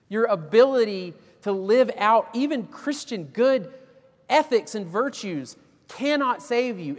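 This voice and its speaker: A man's voice: high-pitched, big-room sound. A man preaching a sermon as pastor, folksy and emphatic, with homespun illustrations.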